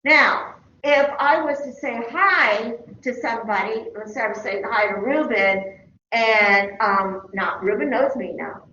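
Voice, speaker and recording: A woman's voice: a little high, a little slow, sharp tone, slight background noise. An older woman lecturing a college class in a conversational way, checking in with her students. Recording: roomy, dull lecture-hall recording.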